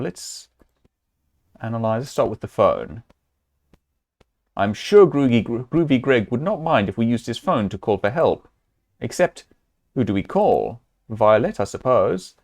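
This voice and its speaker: A man with a medium-pitched, gravelly voice and a darkish tone streams a point-and-click adventure game. He chats casually and thinks aloud while solving puzzles, chuckling with amusement along the way.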